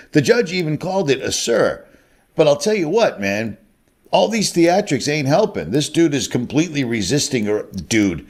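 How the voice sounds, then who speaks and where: Ranting man in his fifties. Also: medium pitch. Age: 50s. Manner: scornful, emphatic ranting. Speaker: commentary channel host. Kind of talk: ranting commentary.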